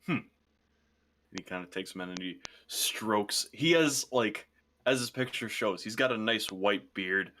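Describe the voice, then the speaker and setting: A man narrating as game master, playful and animated. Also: lowish voice, moderate pace, a little hiss or hum.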